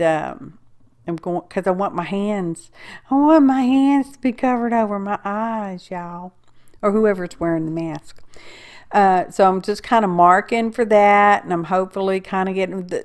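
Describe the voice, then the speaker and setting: A woman's voice: lowish voice, darkish tone. Chatty woman crafting at home. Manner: chatty, rambling, self-correcting, folksy. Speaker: crafter narrating a project. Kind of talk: casual craft voice-over.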